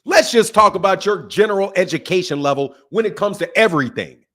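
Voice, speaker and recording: A middle-aged man hosting a boxing channel, ranting and mocking his critics with heavy profanity, swinging between loud and soft. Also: high-pitched, lively intonation, brisk. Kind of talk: ranting commentary.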